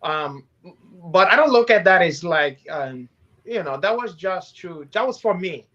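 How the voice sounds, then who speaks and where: Co-host, male, somewhat high voice, crude and joking, loose profane banter over slightly dull remote audio. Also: animated, measured pace, pushed and bright. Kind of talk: casual podcast banter.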